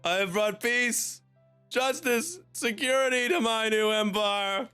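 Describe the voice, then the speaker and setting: Guy straining up high for a cocky young sith lord, grand and pushy, bright tone. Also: slow pace, clear, resonant tone, soft background music, heavily acted. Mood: grandiose.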